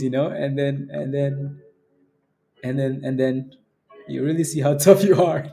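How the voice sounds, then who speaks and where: A man's voice: medium pitch, steady tone, normal speed, gravelly, warm tone. A man hosting a casual live day-trading stream. He rambles, laughs often and keeps adding "right?" to his sentences. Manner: rambling and chatty, laughs often, many "right?" tag questions. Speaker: day-trading livestream host. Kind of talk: casual live market commentary.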